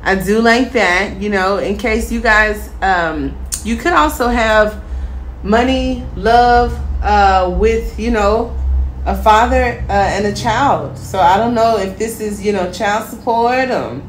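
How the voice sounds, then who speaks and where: A woman talks her viewers through a tarot reading in a loose, chatty way. She sounds encouraging and relaxed and often drifts into fillers as she goes. The room is echoey, with a faint hum behind her. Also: mid-range voice, takes it slowly. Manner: chatty, encouraging, addresses viewers as "my star" and "my healers". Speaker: tarot reader.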